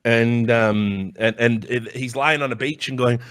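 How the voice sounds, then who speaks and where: A man co-hosting a casual comedy chat, telling rambling, profane stories and breaking into sudden high-pitched outbursts. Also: unhurried, hardly any pauses, a bit bright, clear, resonant tone, dry recording, clean studio sound. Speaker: podcast co-host.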